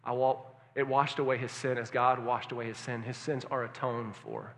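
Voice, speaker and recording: A male pastor preaching a sermon, asking the congregation questions and swinging from hushed tones to loud emphasis. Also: mid-range voice, little pitch movement, normal speed. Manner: engaging, asks the congregation questions. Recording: long hall reverb.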